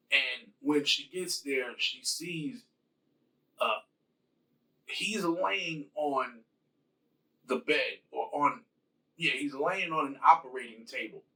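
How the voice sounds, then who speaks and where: A man casually retelling a film's plot in his own words, halting with fillers and restarts as he quotes the characters. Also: mid-range voice, pushed and bright, distant mic, poor audio. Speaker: host retelling a film plot. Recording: voice from away from the mic.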